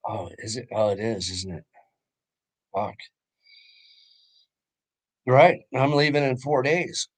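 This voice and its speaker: A man's voice: medium pitch, expressive, takes it slowly, pauses often. A young man rambling through a personal story in a casual chat, with lots of fillers and swearing. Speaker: podcast co-host.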